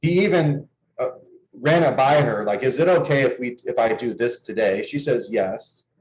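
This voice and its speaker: A man's voice: medium pitch, animated, normal speed, darkish tone, slight background noise. Man, dating coach, casual conversation, earnest storytelling, echoey room.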